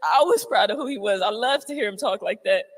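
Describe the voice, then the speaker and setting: At a memorial gathering before a crowded room, a woman from the family gives a heartfelt eulogy, emotional and holding back tears, with plenty of fillers. Her medium-pitched voice is animated and fairly quick. Long reverb from the large room fills the recording.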